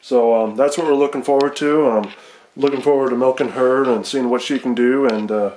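A man's voice: medium pitch, steady tone, a little fast, darkish tone, echoey room. Young man, casual rambling vlog talk, phone mic, small shed, many ums. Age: young adult. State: out of breath. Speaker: vlogger farmer. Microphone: phone camera.

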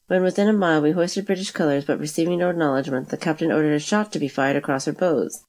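A woman narrating a classic adventure novel aloud in a steady, even reading. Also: deep voice, fast talker. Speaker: audiobook narrator.

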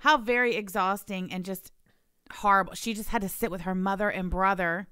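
A woman podcast host recaps a clip bluntly and with plenty of swearing. Her voice is smooth and clear at a middle pitch. The sound is close and dry. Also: steady tone, normal speed, bright, forceful tone, no echo. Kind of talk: casual commentary.

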